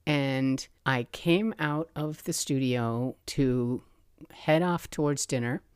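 A woman hosting her own podcast, telling a personal story in a lively way and acting out the voices she remembers. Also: rumbling low, slow, clear, resonant tone, no room sound, studio quality. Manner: animated, acts out remembered voices. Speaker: podcast host.

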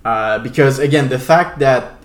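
A man's voice: mid-range voice, normal speed. A French Canadian man with a French Canadian accent, co-hosting a podcast and talking hesitantly as he searches for words. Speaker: podcast co-host. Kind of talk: casual chat. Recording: echoey room with faint hiss.

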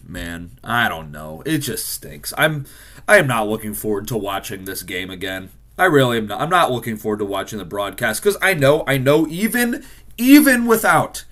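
A man hosting a casual football reaction video, frustrated and swearing, swinging from loud outbursts to low mutters. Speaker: sports fan reaction host.

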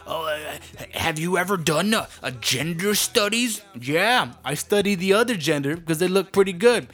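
A man's voice: fairly high pitch, a bit bright. A man delivering a brash, profane comedic rant monologue.

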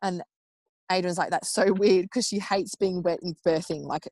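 An Australian woman in her thirties, a podcast guest telling a personal story in a casual, animated way, acting out what people said. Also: lowish voice, normal speed, no echo. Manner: animated, acts out quoted speech in raised voices; chatty with frequent fillers like "like" and "um".

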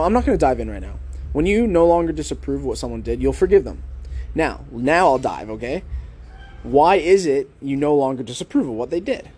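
Podcaster man with a mellow voice. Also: on the high side, breathy edge. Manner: deliberate, rising and falling tone to keep listeners hooked; conversational, with filler "like" and rhetorical questions. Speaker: podcast host. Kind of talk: casual book-review podcast monologue.

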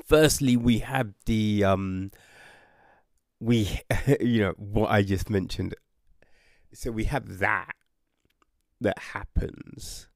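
A man casually reviewing a book, animated, with frequent swearing, exclamations and restarts. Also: fairly low pitch, slow pace, creaky, pauses often, no echo, studio quality.

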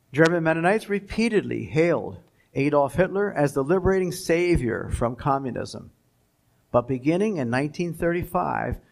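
A man lectures students on history with a somewhat high, gravelly voice. He moves at a deliberate pace, stopping now and then for asides. Between points he reads quotations aloud. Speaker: guest lecturer. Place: school lecture.

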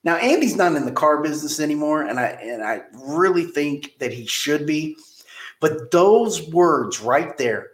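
A man, a car dealership manager, telling stories in a casual interview, rambling and repeating words as he lively retells events. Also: a little high, a little slow. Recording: roomy echo.

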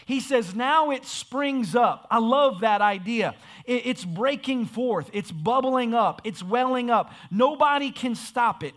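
Male pastor, very high voice, emphatic, repetitive preaching from a church stage mic. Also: fairly bright tone. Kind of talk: sermon. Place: church sanctuary.

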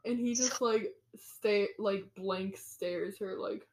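A woman's voice: medium pitch, takes it slowly, darkish tone. A young woman co-hosting a casual podcast, retelling a book's scenes with a giggle and acting out the characters' lines. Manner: giggly, says "like" a lot. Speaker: podcast co-host. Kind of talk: casual book chat.

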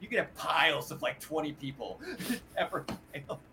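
A man chatting casually about video games as a podcast co-host, excitable and quick to act out lines he remembers. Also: on the high side, noisy background. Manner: excitable, acts out game dialogue with laughs. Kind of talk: casual gaming chat.

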